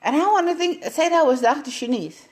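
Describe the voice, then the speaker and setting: Animated woman with sweeping pitch swings. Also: a little fast. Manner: animated, voice swinging up and down, laughing often. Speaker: live stream host. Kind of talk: casual live stream talk.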